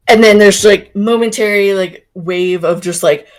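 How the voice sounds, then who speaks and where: Slow, hesitant woman role-playing. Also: mid-range voice, steady tone, rough recording. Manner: hesitant, lots of fillers and laughter. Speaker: player. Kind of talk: tabletop role-play, mixing in-character talk and chat.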